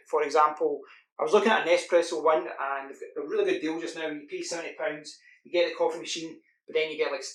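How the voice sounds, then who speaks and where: A man from the UK giving a casual, rambling product demo at home. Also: on the high side. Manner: chatty, rambling with fillers. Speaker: product reviewer. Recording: echoey room with faint hiss.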